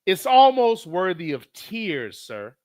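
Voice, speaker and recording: A man streaming live, reading chat messages aloud in a casual, animated, profane way. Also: high-pitched, takes it slowly.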